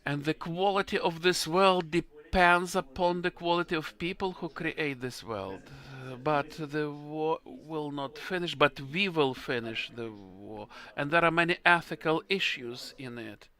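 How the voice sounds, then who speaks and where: A man answering as a panelist at a forum, speaking in halting, earnest, emotional English as he searches for words. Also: on the high side, sharp tone.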